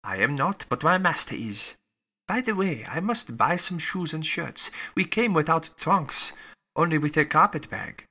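Chatty French manservant, fussy and excitable, bright lively delivery, read by a male narrator. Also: on the high side, a little slow, exaggerated voice. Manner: talkative, fussy. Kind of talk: audiobook character reading.

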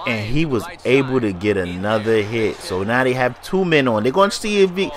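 A man's voice: medium pitch, brisk, a bit bright, faint music behind. A man with a stuffy nose giving casual, hyped gameplay commentary, slangy and talking straight to his viewers. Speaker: gaming YouTuber.

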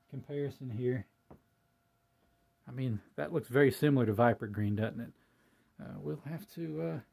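A man's voice: mid-range voice, gravelly, a little mellow. A man hosting his own hobby channel, talking casually and ramblingly with lots of fillers, in a folksy, self-deprecating way. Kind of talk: casual talk to camera.

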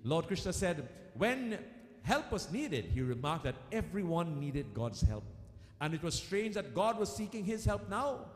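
A man's voice: fairly high pitch, sing-song, measured pace. A man giving a devotional discourse, telling a scripture story to his devotees and repeating key lines for emphasis. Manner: addresses listeners as devotees. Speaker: spiritual speaker. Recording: echoey room with long reverb.

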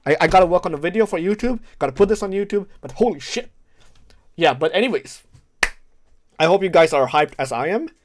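A male streamer reacting to a game trailer at his PC, hyped and swearing, repeating words, his voice going hoarse. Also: brisk, noisy background. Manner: hyped, swearing, repeats words, pitch jumps when excited. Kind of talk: excited casual reaction chat. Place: home room at his PC.

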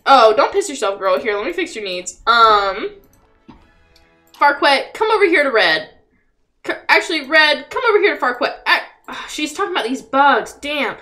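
A woman's voice: a little high, very animated, moderate pace, pushed and bright. A young woman giving casual, profane live commentary on a life-sim game and talking back at the characters. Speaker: livestreamer.

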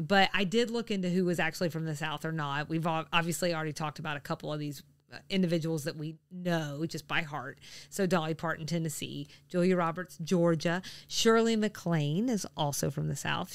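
Smooth-voiced chatty woman podcaster. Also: fairly low pitch, dry recording, studio quality. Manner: chatty, apologetic, laughs often. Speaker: podcast co-host. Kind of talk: casual chat.

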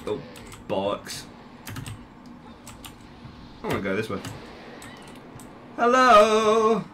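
A young man giving casual gameplay commentary, unhurried, swearing and laughing at his own plays. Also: mid-range voice, big pitch swings, sharp tone, slight background noise. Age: young adult. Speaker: gaming channel host.

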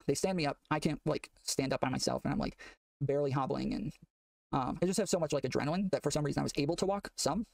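A man telling a long story in casual chat, rambling with many fillers and getting excitable, recorded from a distance off the mic. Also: a little high, quick pace, vocal fry, no echo. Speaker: guest telling a prison story.

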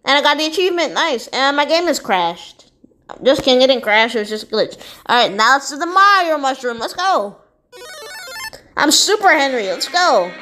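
A woman voicing SpongeBob, an excitable and goofy cartoon sea sponge, playing a video game and chattering to viewers. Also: high voice, normal speed, soft background music, full character voice. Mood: excited.

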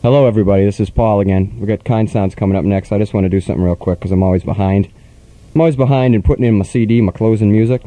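A man's voice: on the low side, racing, mellow, no room sound, low-quality recording. A man hosting a college radio show, teasing his guest in a sarcastic, mock-rude way. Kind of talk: casual late-night radio banter. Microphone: studio microphone.

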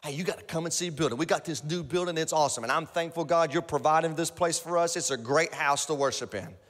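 Energetic bright-voiced man preaching. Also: fairly high pitch, fast. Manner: energetic, repetitive, rising to shouts. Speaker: pastor. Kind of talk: sermon. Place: large church auditorium. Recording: echoey large hall.

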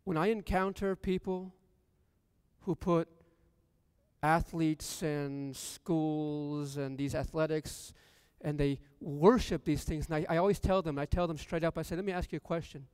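Preacher guy, high smooth voice, long church reverb, keeps hammering the same line. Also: steady tone, a little slow, darkish tone, studio quality. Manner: repetitive, building emphasis. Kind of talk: sermon. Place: church sanctuary.

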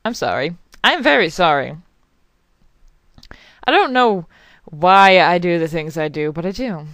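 A young woman chats her way through a game, rambling, swearing and apologizing. Her voice is smooth and clear, and her pitch leaps around a lot. The sound is close and dry. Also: animated, measured pace, a bit bright, dry recording. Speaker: gaming channel host. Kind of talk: casual let's play commentary.

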